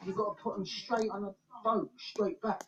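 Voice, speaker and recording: A man's voice: high-pitched, little pitch movement, normal speed, recorded from a distance. A man argues defiantly outdoors on a beach, repeating himself and talking over the others. He sounds off-mic, and the phone recording is dull with a light hiss. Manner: confrontational, defiant, repetitive. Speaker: bystander filming a confrontation. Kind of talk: heated argument outdoors.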